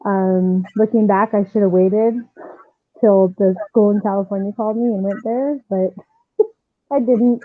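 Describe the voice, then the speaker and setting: Softball coach woman on a tinny phone line. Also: mid-range voice, steady tone, measured pace, no room sound. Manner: candid, conversational storytelling. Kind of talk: telling her life story in an interview.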